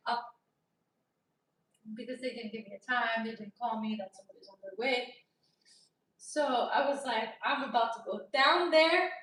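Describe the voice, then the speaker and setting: This is a young woman vlogging in a casual storytime way, loud by nature and quick to laugh as she plays out the voices in her story. Her voice sits high and lively. It rings with heavy room echo and sounds set back from the microphone. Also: recorded from a distance. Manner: animated, laughs often, acts out dialogue loudly. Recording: echoey room, voice from off-mic.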